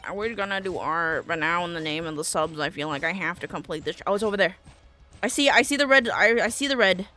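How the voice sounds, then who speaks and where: Faint music plays behind a woman live-streaming a game. Quick to curse and easily excited, she bounces between sudden yelps and quiet muttering, stopping to thank her chat as she goes.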